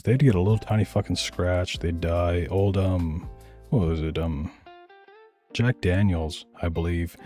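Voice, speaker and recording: A man's voice: deep voice, mellow. A man streaming and reacting to videos, blunt and profane, rambling through casual commentary.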